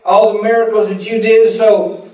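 A man's voice: high voice, flat delivery, moderate pace, dark tone. A man preaching a sermon and telling folksy stories, acting out the voices of the people in them. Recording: echoey room, voice picked up from a distance.

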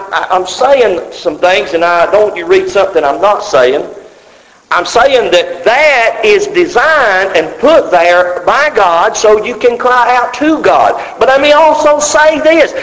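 Preacher with a swooping, lively voice. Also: male voice. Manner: swings from low murmurs to shouted cries. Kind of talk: sermon. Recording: muffled hall recording.

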